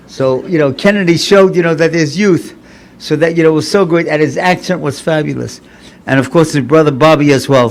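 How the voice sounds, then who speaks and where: A man in his seventies, a rabbi giving an inspirational sermon in an earnest, conversational way, often repeating phrases for emphasis. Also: a little high. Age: 70s. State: recovering from paralysis, slightly impaired speech. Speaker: rabbi and lecturer.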